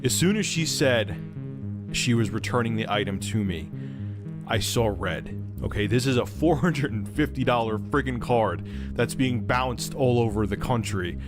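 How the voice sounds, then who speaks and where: A man's voice: mid-range voice, unhurried. A man making a video, ranting to camera in an indignant, self-righteous way. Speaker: video creator. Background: clear background music.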